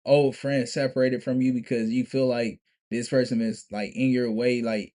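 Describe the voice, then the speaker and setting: A man's voice: medium pitch, level tone, normal speed, dark tone. A young man telling a story to camera in a casual, profane, emphatic way, restarting and repeating himself often. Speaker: vlogger.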